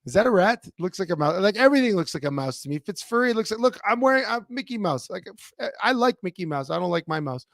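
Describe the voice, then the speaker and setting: Animated rambling man telling a story. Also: high voice, fast, vocal fry, no room sound, studio quality. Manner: animated, rambling, self-interrupting. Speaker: podcast co-host. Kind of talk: casual storytelling chat.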